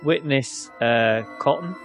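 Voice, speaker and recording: A man's voice: mid-range voice, slow, over music. A man from near the Scottish border, co-hosting a podcast in casual, jokey chat with sarcastic asides. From England, near the Scottish border. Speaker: podcast co-host.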